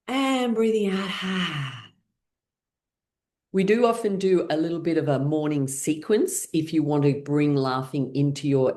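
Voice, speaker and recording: A woman's voice: extremely low pitch, warm tone. A woman instructor guiding a laughter exercise class, upbeat and encouraging, often breaking into laughter between her instructions.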